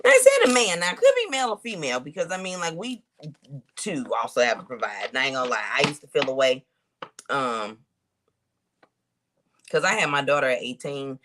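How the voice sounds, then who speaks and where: Woman humming through a lively intuitive reading. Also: low-pitched, background noise. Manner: musing, thinks aloud with long hums and pauses; colloquial, addresses viewers as y'all. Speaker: intuitive reader. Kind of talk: casual spiritual reading to camera.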